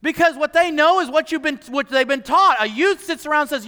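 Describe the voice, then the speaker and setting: Male pastor, sermon, animated, acts out quotes, very high voice, long church-hall reverb. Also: brisk, few pauses. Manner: animated, acts out quotes, repeats words as he restarts.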